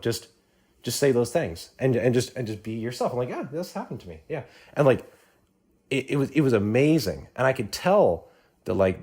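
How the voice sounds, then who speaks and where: Speaking from the audience, this man offers long, earnest testimony full of fillers and restarts as he rambles. He has a mid-range voice, darkish in tone and slightly rough.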